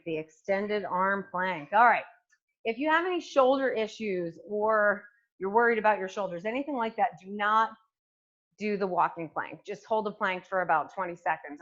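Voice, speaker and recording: In a hardwood-floored room at home, a woman demonstrates exercises and cheers the viewer on, leaning on fillers often. Her voice is mid-range and a bit bright at a moderate pace, recorded on a new microphone with the highs cut off.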